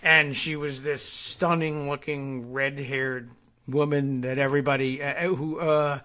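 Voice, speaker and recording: A man's voice: medium pitch, flat delivery, measured pace, pushed and bright. Sardonic man hosting political talk. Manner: sardonic, digressive, many fillers. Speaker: podcast host. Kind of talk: rambling political commentary.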